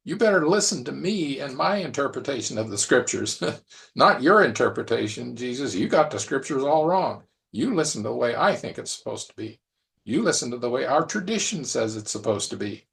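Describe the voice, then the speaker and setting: A man voicing a brash, overconfident male disciple who scolds loudly and boasts of his loyalty. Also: medium pitch, sing-song, fairly quick, creaky. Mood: scolding.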